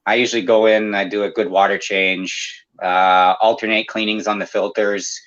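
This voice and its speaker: A man's voice: lowish voice, flat delivery, normal speed, fairly bright tone, no echo, dull audio. A man who runs an aquarium maintenance business, chatting casually and explaining at length with plenty of fillers. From Canada. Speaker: aquarium maintenance service owner. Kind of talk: casual podcast chat.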